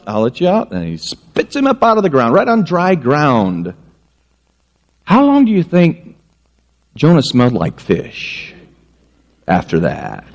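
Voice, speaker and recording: A middle-aged male pastor preaching a sermon, telling stories in an animated way and acting out the voices. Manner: animated storytelling, acting out voices with wide pitch swings.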